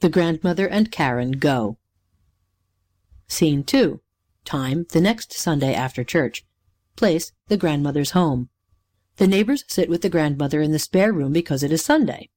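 A woman's voice: sits low, lively intonation, a little slow, a little mellow. A woman reading out stage directions in a plain, matter-of-fact way. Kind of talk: play reading.

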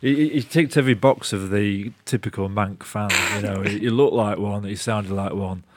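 A man's voice: on the low side, moderate pace, darkish tone, no room sound. A man co-hosting a podcast in laid-back, amused casual chat. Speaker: podcast co-host.

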